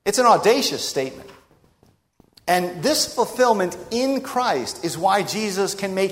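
A man preaching a sermon in an emphatic, rhetorical way with dramatic pauses. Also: high-pitched, sing-song, a bit bright. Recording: long reverb of a large hall.

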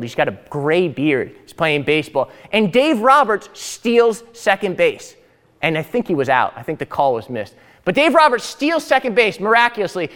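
A young man with a high-pitched voice teaches by telling a story, animated and chatty, often turning to his listeners for agreement. His words ring out with a long tail of reverb, as in a big hall. He talks like someone at ease in front of a class. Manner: animated, conversational, often tags "right?". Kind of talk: storytelling lecture.

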